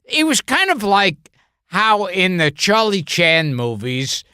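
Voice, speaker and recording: A man's voice: high voice, animated, slow, sharp tone, smooth, no echo, studio quality. An older man co-hosting a podcast, telling stories in casual chat and laughing often. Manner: storytelling with frequent laughs. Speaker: podcast co-host.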